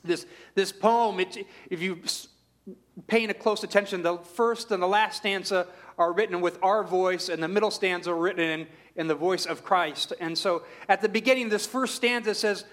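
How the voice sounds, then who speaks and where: A man's voice: sits high, moderate pace, a bit bright. A man preaching a sermon in an earnest manner, repeating rhetorical questions with shifting emphasis.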